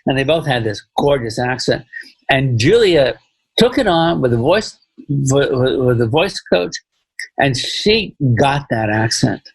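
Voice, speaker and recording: A husky-voiced man speaks in a mid-range pitch as a director guest on a casual podcast interview. He rambles, circles back and repeats his phrases, and fills gaps with "you know." The sound is dry and close, with no room around it. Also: sing-song, unhurried, no echo, poor audio.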